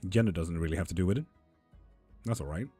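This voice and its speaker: A man's voice: low-pitched, quick pace, warm tone, breathy edge, no room sound, faint music behind. A man reading tarot on a live stream, chatting casually with viewers, calling them honey and swearing freely.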